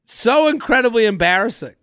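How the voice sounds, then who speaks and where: A man's voice: extremely high pitch, animated, a little fast, fairly bright tone, clean tone, no echo, studio quality. A young man hosting a casual podcast, rambling through an anecdote with frequent restarts. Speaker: podcast host.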